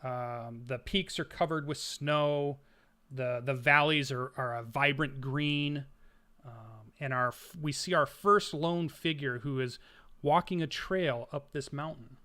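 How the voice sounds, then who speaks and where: A man's voice: mid-range voice, takes it slowly, pushed and bright. A man narrating a tabletop role-playing game as game master, setting scenes like camera shots, with frequent fillers and restarts.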